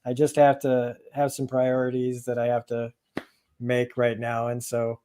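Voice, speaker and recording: A man hosting a casual year-in-review livestream, talking in a relaxed, rambling, self-deprecating way. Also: mid-range voice, unhurried, smooth. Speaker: livestream host. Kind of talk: casual chat.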